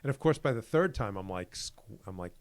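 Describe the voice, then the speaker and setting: A middle-aged man tells anecdotes on a podcast in a lowish voice. He acts out the other people in the story as he goes and swings between a hushed and a lively delivery. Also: a little fast. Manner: animated storyteller, acts out exchanges. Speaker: podcast co-host. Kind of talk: casual podcast chat.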